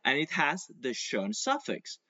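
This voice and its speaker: A man whose first language is Spanish teaches English over a video call. He explains patiently with examples and drawn-out pronunciation. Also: medium pitch, huge pitch swings, bright, forceful tone, dry recording, dull audio. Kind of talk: online English lesson.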